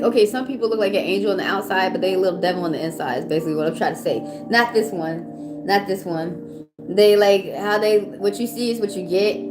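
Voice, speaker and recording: Southern woman, chatty tarot reader on a livestream, loose and casual, music playing behind. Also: mid-range voice.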